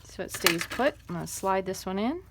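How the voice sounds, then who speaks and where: Woman craft demonstrator, mid pitch, chatty how-to delivery with little murmured asides. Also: expressive, fairly quick, very noisy. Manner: chatty, step-by-step instructions with fillers; murmurs soft asides while working. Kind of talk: hands-on crafting tutorial.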